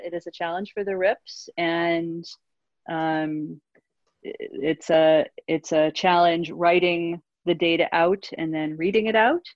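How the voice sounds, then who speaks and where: Woman answering webinar questions, low voice, slow and hesitant, dry dull audio. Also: steady tone, no echo. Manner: hesitant, many fillers and restarts. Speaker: industry analyst answering questions.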